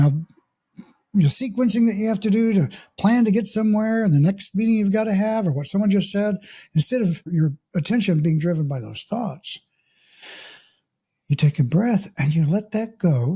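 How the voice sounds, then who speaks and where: A middle-aged man, a mindfulness coach hosting a podcast, telling a story in a calm, unhurried way and often clearing his throat. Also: high voice. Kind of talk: reflective podcast monologue with a story.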